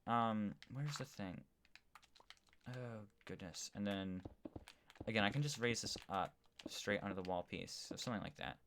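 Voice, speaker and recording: A man's voice: fairly low pitch, normal speed, long pauses, a bit bright, slight background noise. A man live-streaming a game in a casual, rambling way, reading viewer chat aloud as he plays. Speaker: gaming streamer.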